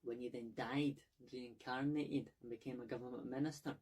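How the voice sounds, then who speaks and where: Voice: mid-range voice, steady tone, normal speed, darkish tone, breathy edge. A speaker lecturing someone bluntly in a comedy sketch.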